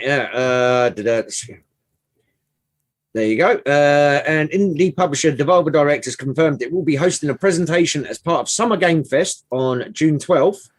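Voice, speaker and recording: Dude co-hosting a gaming podcast, kinda high voice, deadpan sarcastic jokes. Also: male voice, dry recording. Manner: dry sarcastic quips. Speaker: podcast co-host. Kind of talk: casual live-stream chat.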